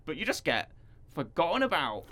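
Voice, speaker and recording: A man's voice: a little high, wildly swooping pitch, moderate pace, a bit bright. A man co-hosting a podcast, chatting casually and jokingly as he recaps a TV episode and acts out the characters. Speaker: podcast co-host.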